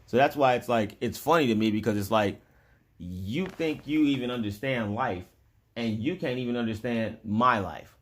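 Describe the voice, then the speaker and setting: A vlogger with an ordinary-pitched voice gives a relaxed, rambling monologue straight to the listener at normal speed. He drifts from one point to the next and chuckles in between.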